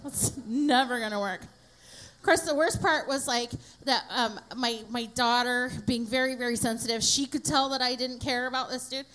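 A middle-aged woman performing stand-up in a high, bright register. She talks brashly and profanely, with a deadpan edge when she works the crowd. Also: a little slow. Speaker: stand-up comedian. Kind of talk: stand-up comedy set.

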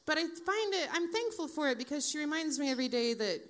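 A woman's voice: high voice, animated, fast. Dry, profane stand-up comedian woman. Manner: dry, profane, self-mocking asides to the crowd.

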